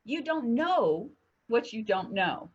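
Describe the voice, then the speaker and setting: A woman co-hosting a heartfelt discussion show, telling stories in an animated way and acting out quotes. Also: on the high side, slow pace, breathy edge, lo-fi sound. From northern United States. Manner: animated storyteller, acts out quotes. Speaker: co-host.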